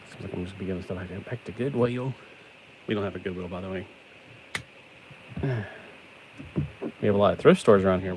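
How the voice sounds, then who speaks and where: Middle-aged male vlogger, low voice, loose self-mocking banter, steady background noise. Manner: chatty, self-deprecating, joking asides. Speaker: toy-building vlogger. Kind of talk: casual rambling chat while building.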